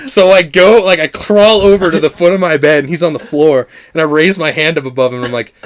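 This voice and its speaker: A man's voice: a little high, fast, hardly any pauses. A young man co-hosting a podcast in casual chat, telling stories with laughter and acted-out quotes. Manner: animated storytelling, laughing often, acting out quotes. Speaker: podcast co-host. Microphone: podcast microphone.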